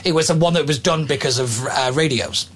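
A speaker, co-hosting a casual chat, chatty and quick to laugh while explaining things. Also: mid-range voice, a bit bright, a little hiss or hum. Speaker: co-host.

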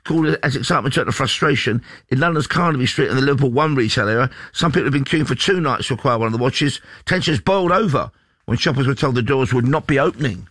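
A man's voice: medium pitch, animated, fast talker, a bit bright, no room sound. A man from England co-presenting a casual breakfast radio show, rambling through anecdotes and reading news items aloud.

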